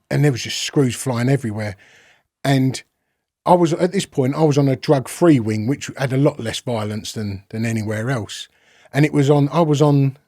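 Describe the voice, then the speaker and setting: A man's voice: medium pitch, a little mellow, no echo, clean studio sound. Man telling a rambling story. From London. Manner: rambling, swears freely, acts out quoted exchanges. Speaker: guest. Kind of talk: casual storytelling.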